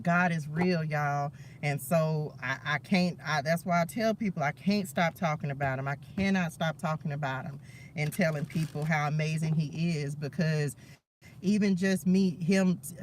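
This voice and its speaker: A man's voice: a little high, slight background noise. A man hosting a spiritual live stream, talking fervently and preachily to his viewers and calling them "y'all".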